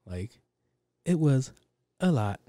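A podcast host telling a story in a casual, rambling, profane and joking way, speaking into a studio mic. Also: male voice, mid-range voice, sing-song, slow, warm tone, dry recording. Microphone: handheld studio mic.

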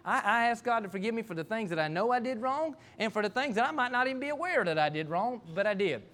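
Middle-aged male pastor, high voice, folksy self-deprecating sermon storyteller. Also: expressive, fast talker, a bit bright.

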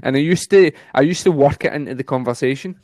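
A comedian in casual chat, talking very fast and laughing easily. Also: male voice, a little high, a little mellow.

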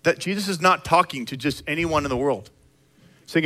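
A middle-aged man from the United States preaching a sermon in an animated, conversational way, acting out little scenes. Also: fairly high pitch, moderate pace. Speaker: pastor.

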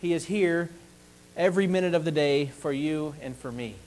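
A man preaching a sermon, slow and deliberate, pausing to ask the congregation for an amen. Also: on the high side, darkish tone, a little hiss or hum, rough recording.

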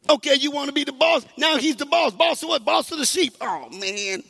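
A male pastor preaching a sermon, moving from quiet, slow talk to shouted, sing-song exhortation and calling on the congregation to answer. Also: very high voice, animated, gravelly. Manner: calls on the congregation to respond.

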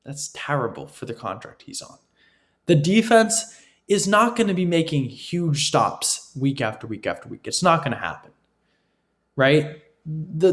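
A man delivering an opinionated football analysis monologue, emphatic and repetitive, often asking his listeners "right?". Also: on the high side. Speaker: sports commentator.

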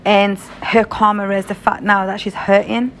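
A woman's voice: mid-range voice, level tone, normal speed, slight background noise. A young British woman telling a story in a casual vlog, frank and chatty, swearing freely. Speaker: vlogger.

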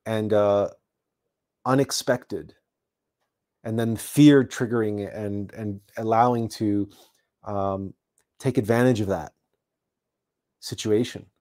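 A man from Canada recounting a childhood story in a reflective talk, halting often and repeating words with many fillers. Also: on the low side, steady tone, a little mellow. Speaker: host.

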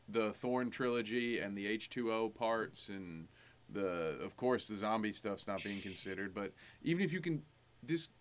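Animated man in casual podcast chat. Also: fairly low pitch. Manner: animated, rambling, laughs often. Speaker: podcast co-host. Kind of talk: casual movie review chat.

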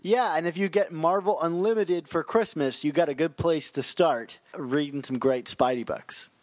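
A man's voice: fairly high pitch, normal speed, darkish tone, no room sound. A man co-hosting a comics podcast, chatting casually in a playful, teasing way. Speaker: podcast co-host.

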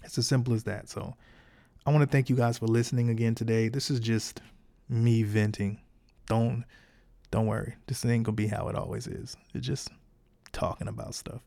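Gravelly-voiced man hosting a podcast. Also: medium pitch, little pitch movement, moderate pace, mellow. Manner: frank, encouraging, conversational slang. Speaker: podcast host. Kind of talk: casual solo podcast monologue.

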